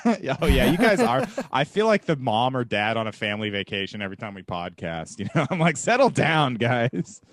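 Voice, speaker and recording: A man's voice: medium pitch, big pitch swings, a little fast, no echo, clean studio sound. A young man co-hosting a podcast over a video call, playfully stirring up his friends. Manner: playful, stirs up the others. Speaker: podcast co-host. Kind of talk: casual banter on a video call.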